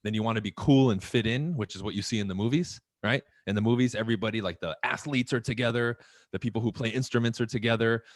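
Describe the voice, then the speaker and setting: A man talking in a casual podcast chat, animated and profane, firing off rhetorical questions. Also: mid-range voice, fast talker, no room sound. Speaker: podcast guest.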